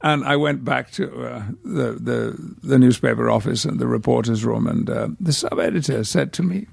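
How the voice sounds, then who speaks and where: An older man from the north of England, a podcast guest telling anecdotes in a relaxed, rambling way with hesitations. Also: mid-range voice, normal speed, vocal fry, breathy edge, no echo. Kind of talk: casual interview storytelling.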